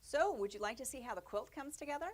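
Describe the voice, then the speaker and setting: A woman's voice: high voice, animated, quick pace. A woman giving a chatty, upbeat studio demonstration as a quilting instructor. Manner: chatty, upbeat, with fillers and little laughs. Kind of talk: casual demonstration lesson.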